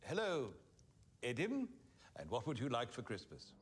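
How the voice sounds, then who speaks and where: A jolly Kiwi Santa on the phone. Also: male voice, mid-range voice, huge pitch swings, normal speed, breathy edge. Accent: New Zealand. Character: cheerful male Santa taking phone wishes. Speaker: Santa in an airline ad. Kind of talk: comic ad acting. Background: music.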